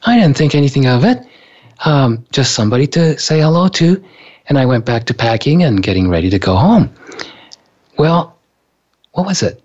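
A man's voice: medium pitch, sing-song, moderate pace, pauses often, a little mellow, slightly rough, muffled recording. A male author telling a personal story in conversation, earnest, and often repeating words as he recalls events. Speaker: author and speaker.

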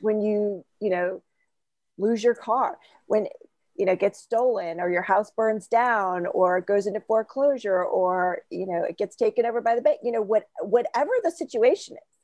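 A woman talking as a podcast guest in an animated way, laughing often as she tells stories. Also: medium pitch, normal speed, no echo. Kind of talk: casual podcast conversation. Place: Florida.

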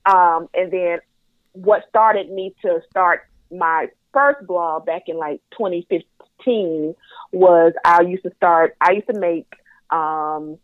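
A woman's voice: fairly low pitch, fairly even intonation, slow pace, dry recording. A woman from North Carolina with a light Southern twang talks as a podcast guest. Her speech is chatty and full of fillers and restarts. The sound is thin and phone-like, with a dry, close feel. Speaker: guest sex educator. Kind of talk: podcast interview. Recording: tinny phone-line sound.

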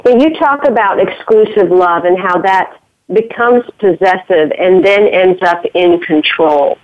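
A woman radio interviewer asking long, careful questions in a measured way. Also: fairly low pitch, no room sound. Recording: dry, dull lo-fi radio sound.

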